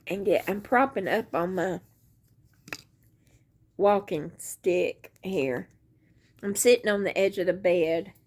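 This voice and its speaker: A woman's voice: mid-range voice, slow pace, pauses often, a little mellow. A woman chatting to viewers about crochet from her bed at home, talking into a handheld phone in a folksy, rambling, self-deprecating way. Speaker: crochet vlogger. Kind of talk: casual chat to viewers.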